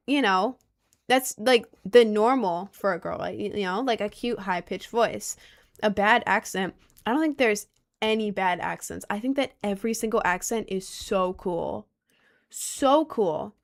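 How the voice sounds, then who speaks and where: A young woman livestreamer reads and responds to her chat, rambling and looping back over her own words with piles of fillers and repeats. Her medium-pitched speech is slangy and emphatic, and she sometimes fumbles or stutters on a word before carrying on.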